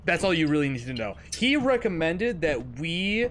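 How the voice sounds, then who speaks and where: A man streaming a game with friends, talking casually and excitably, swearing and laughing often. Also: a little high, moderate pace, slight background noise. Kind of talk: casual gaming stream commentary.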